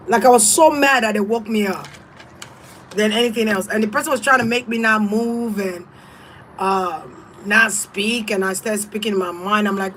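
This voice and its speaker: A woman's voice: medium pitch, moderate pace, a bit bright, a little hiss or hum, poor audio. A woman reading tarot and giving casual spiritual advice in a blunt, emphatic, profane way. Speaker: tarot reader.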